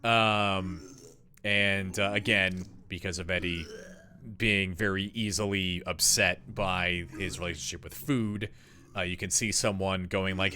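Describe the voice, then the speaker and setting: Here is a young man riffing through game lore on a live stream. His voice is bright and forceful, sitting a little low, and he wanders with plenty of ums and restarts. Faint room noise sits behind him. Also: fairly even intonation, a little slow. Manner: rambling, filler-heavy, jokey asides.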